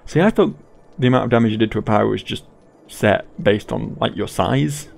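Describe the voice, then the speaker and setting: A man's voice: fairly low pitch, brisk, creaky, a little mellow. A man reading game text aloud with playful asides while he plays. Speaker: gaming YouTuber. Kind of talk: game narration and commentary.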